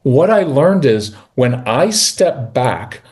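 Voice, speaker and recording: A middle-aged man in a conversational interview as a parenting guest, telling earnest stories and slowing down to stress key points. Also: medium pitch, big pitch swings, a little mellow. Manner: earnest, storytelling, slows down for emphasis.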